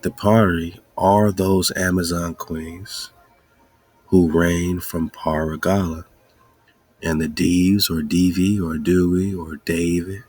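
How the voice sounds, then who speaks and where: Podcast host, male, husky low voice, slow, rhetorical-question style. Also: no echo. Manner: rhetorical questions, excited musing. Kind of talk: casual monologue.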